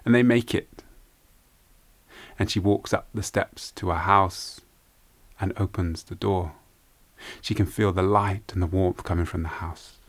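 A man telling a folk tale aloud in an unhurried, hushed way, with repeated phrases. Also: deep voice, steady tone. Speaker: storyteller. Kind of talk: oral folk-tale storytelling.

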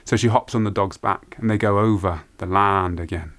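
A man telling a folk tale aloud in an unhurried, hushed way, with repeated phrases. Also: sits low. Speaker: storyteller. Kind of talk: oral folk-tale storytelling.

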